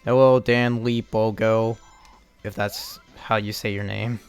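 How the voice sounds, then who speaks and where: A man's voice: fairly low pitch, fairly even intonation, takes it slowly, clear, resonant tone, soft background music. A young man chatting casually as he streams a game, rambling and restarting his sentences, with the odd curse thrown in. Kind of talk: casual live-stream commentary while playing.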